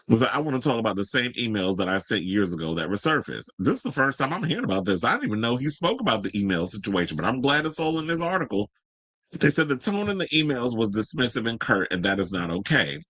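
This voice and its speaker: Male pop culture commentator, sarcastic and profane, bright voice, dry booth sound. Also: lowish voice, expressive, fairly quick, no echo, poor audio. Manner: sassy, profane, sarcastic, mocking. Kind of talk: ranting commentary video.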